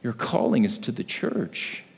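A man preaching a sermon as a pastor, telling a story with lively acted-out voices. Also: medium pitch, a little slow, vocal fry.

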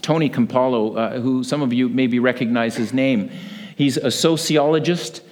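A man preaching a sermon as a pastor, telling a story with lively acted-out voices. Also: medium pitch, moderate pace.

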